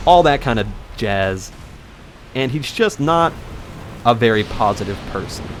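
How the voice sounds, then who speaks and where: A man's voice: mid-range voice, a little hiss or hum. A young man in casual commentary, telling a long personal story over gameplay, rambling and correcting himself as he goes. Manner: rambling, self-correcting, animated when indignant. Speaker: let's play commentator.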